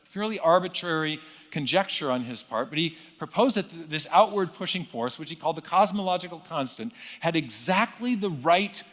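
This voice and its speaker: A middle-aged man calmly explaining science history, measured and lecturing, with frequent self-corrections. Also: a little high, in a large hall. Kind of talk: recorded interview clip, storytelling explanation.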